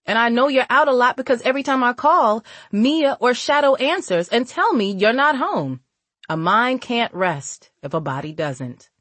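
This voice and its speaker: A woman reading the part of an older, gentle grandmother who speaks softly and affectionately. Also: on the high side, lively intonation, moderate pace, no room sound, voice pushed up. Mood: concerned. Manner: soft, affectionate, calls listener baby.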